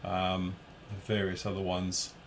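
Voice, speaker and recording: A man's voice: low voice, completely flat delivery, slow pace, a little hiss or hum. An English man co-hosting a live chat show, rambling and poking fun at himself. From England. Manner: rambling, self-mocking, reads viewer comments aloud. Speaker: show co-host.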